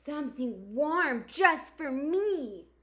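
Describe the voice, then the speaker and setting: A woman's voice: high-pitched, big pitch swings, slow pace, fairly bright tone, voice pushed up, full character voice. Woman doing little storybook animals pleading.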